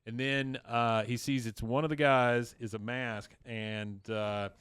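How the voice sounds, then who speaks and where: A man's voice: medium pitch, flat delivery, unhurried, a bit bright, smooth, no room sound. A man co-hosting a podcast, casually recapping a cartoon episode scene by scene, with lots of "uh"s and quoted lines. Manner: retells scenes with many fillers and quoted lines. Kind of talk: casual chat.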